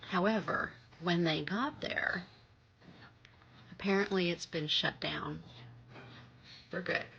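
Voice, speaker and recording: A woman's voice: on the low side, takes it slowly, vocal fry, a bit bright. A woman casually telling a family story in a conversational way, sometimes dropping to a near whisper. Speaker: storyteller in an online clip. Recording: slightly muffled, faint background noise.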